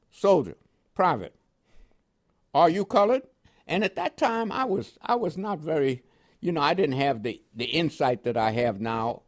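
An older man from Panama, his voice on the high side, narrates his life for an oral history interview. He's lively and chuckles a lot, speaking with a New York accent that has West Indian inflections.

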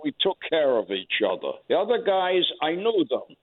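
Older male veteran, oral history interview, plain halting delivery, lo-fi telephone sound. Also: a little high, sing-song. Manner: plain, halting storytelling with pauses. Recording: tinny phone-like line.

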